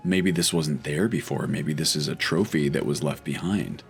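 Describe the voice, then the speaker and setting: A man's voice: rumbling low, moderate pace, soft background music. A man casually commenting while playing a video game, chatty and wry, thinking aloud as he goes. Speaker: let's play host.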